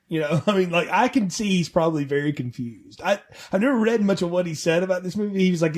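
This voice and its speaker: A man's voice: fairly high pitch, quick pace, hardly any pauses. A man co-hosting a film podcast, chatting casually and jokingly acting out characters' lines. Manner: animated, jokey, acts out characters' lines. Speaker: podcast co-host. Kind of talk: casual film-review chat.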